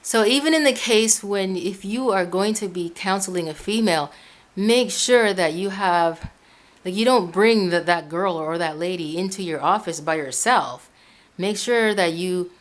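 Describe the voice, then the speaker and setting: A woman from Ecuador talking casually to her viewers from home, giving advice in a rambling way with many restarts and repeated words. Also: medium pitch. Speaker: Christian video blogger.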